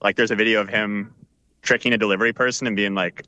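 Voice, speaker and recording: A playful male panelist makes a contrarian pick with a grin in his voice. His voice is low but has a bright, tense edge. The sound is dry. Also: steady tone, fast talker, clean tone, dry recording. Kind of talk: casual sports chat.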